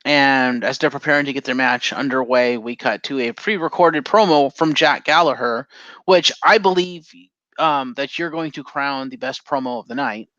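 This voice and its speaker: A man's voice: medium pitch, normal speed, pushed and bright, dry recording, highs cut off. A man co-hosting a casual podcast, recapping in a rambling way with frequent swearing. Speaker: podcast co-host. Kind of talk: casual chat.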